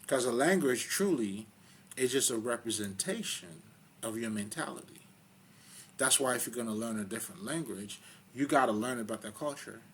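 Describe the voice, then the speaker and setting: A man giving a casual spiritual talk, rambling and profane, full of fillers and loud laughs between points. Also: mid-range voice, animated, moderate pace, a little hiss or hum. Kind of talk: casual spoken monologue.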